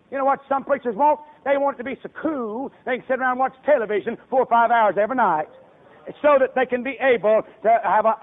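A man preaching a sermon in a folksy way, acting out the voices of people in his stories. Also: very high-pitched. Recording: tinny phone-like radio broadcast.

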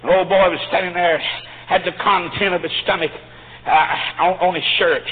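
Fervent high-voiced preacher. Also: male voice, fairly even intonation, moderate pace, phone-quality sound. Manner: fervent, with frequent "uh" between phrases. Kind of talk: sermon.

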